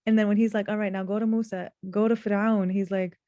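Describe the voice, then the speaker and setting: Earnest woman teaching scripture slowly. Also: mid-range voice, little pitch movement, warm tone, dry recording, lo-fi sound. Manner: earnest, slows to stress key words, recites Arabic verses. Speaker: Quran teacher. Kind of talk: reflective religious lesson.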